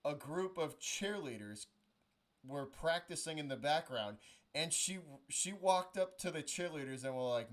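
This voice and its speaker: A man's voice: on the high side, lively intonation, a little slow. A young man hosting a charity stream, chatting casually, telling stories with lots of restarts and swearing. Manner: casual, profane, storytelling with many restarts. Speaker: stream host.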